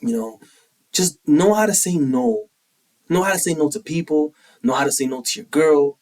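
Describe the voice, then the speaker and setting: A young man co-hosting a podcast in casual, opinionated chat, animated and quick to act out quotes. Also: a little high, distant mic, low-quality recording. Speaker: podcast co-host.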